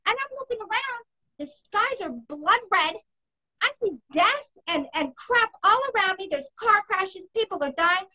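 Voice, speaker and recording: A woman's voice: sits high, bright, forceful tone. A woman in her fifties hosting a talk, telling her own story vividly and with emphasis. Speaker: host. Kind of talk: casual storytelling in a conversation. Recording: dull lo-fi recording.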